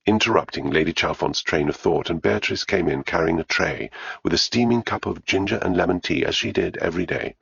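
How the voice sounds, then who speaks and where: A man narrating an audiobook in a measured, unhurried way. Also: low-pitched, creaky, a bit bright, slightly rough, dry recording, highs cut off.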